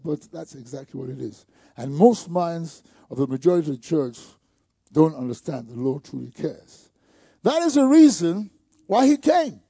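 A man preaching a sermon, calling out to the congregation and building to shouted peaks. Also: a little high, expressive, moderate pace, vocal fry, husky, dry recording, clean studio sound. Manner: call-and-response preaching with rising shouts. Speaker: pastor.

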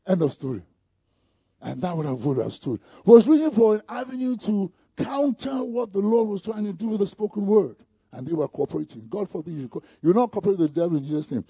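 A man preaching a sermon, calling out to the congregation and building to shouted peaks. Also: sits high, animated, fast talker, breathy edge, no room sound, studio quality. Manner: call-and-response preaching with rising shouts. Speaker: pastor.

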